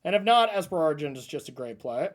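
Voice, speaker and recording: Male streamer, easygoing running commentary on his own plays, lively pitch. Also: quick pace. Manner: thinks aloud about his plays, relaxed and chatty. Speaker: streamer playing a card game. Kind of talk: casual gameplay commentary.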